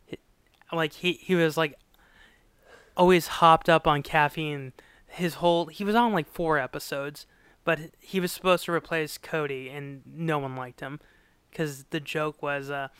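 A man's voice: fairly high pitch, a little slow, smooth, no room sound. A man co-hosting a casual podcast, retelling a sitcom episode with acted-out quotes and frequent laughs. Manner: animated storyteller, acts out quotes, laughs often. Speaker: podcast co-host recapping a sitcom. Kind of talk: casual chat.

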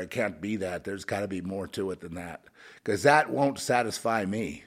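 A very low-voiced man rambles through an emotional monologue, restarting his sentences and padding them with fillers. He swings from raised, fired-up lines to low mutters. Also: moderate pace.

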